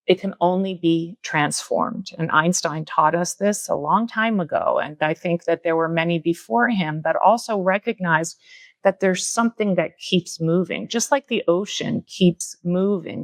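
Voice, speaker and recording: A middle-aged woman, a spiritual and yoga teacher, speaking earnestly on a podcast from a retreat center and slowing down to stress key words. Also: fairly low pitch, no echo, clean studio sound. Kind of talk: reflective spiritual talk on a podcast.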